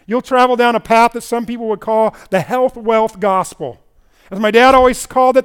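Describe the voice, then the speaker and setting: A man preaching a sermon as pastor at a church service, swinging between loud emphatic stretches and quiet low passages. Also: normal speed, smooth.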